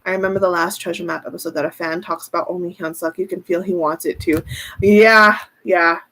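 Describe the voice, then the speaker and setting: A chatty woman giving a relaxed tarot reading, talking through her thoughts as they come. She giggles often and answers comments from viewers as she goes. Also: on the low side, fairly quick, a little hiss or hum. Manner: chatty, giggly, thinks aloud. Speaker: tarot reader. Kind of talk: casual tarot reading livestream.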